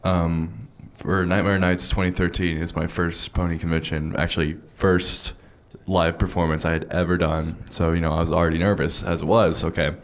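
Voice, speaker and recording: A man casually telling a self-mocking story on a panel, laughing often and getting animated. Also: low voice, moderate pace, few pauses. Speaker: DJ on a convention panel.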